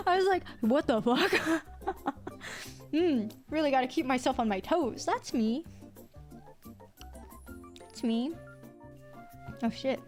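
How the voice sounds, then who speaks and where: High-voiced woman chatting on stream. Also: slow pace, long pauses, faint music behind. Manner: animated storytelling, laughs often, swears casually. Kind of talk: casual livestream chat.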